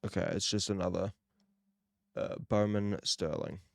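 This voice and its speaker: Low gravelly young Australian man. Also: unhurried, no room sound, clean studio sound. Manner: relaxed, rambling, self-deprecating. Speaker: card-opening channel host. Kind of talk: casual card-opening commentary.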